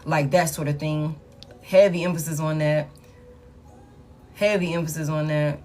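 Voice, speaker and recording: A woman with a slightly low voice gives a casual tarot reading. She talks in a slangy, emphatic way and repeats her points to drive them home. Faint background noise sits under the voice. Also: fairly even intonation, normal speed, a little mellow. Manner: repetitive, emphatic, slangy pep talk. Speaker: tarot reader.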